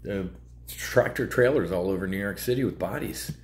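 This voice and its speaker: Low-pitched man, heated trading host, rambling, blunt. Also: normal speed. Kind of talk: casual market commentary.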